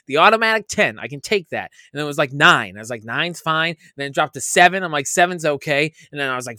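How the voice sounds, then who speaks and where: A man's voice: a little high, animated, quick pace, hardly any pauses, sharp tone, no echo, clean studio sound. A young man co-hosting a podcast, ranting casually with lots of swearing and mock-quoted asides. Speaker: podcast co-host. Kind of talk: casual fantasy football chat.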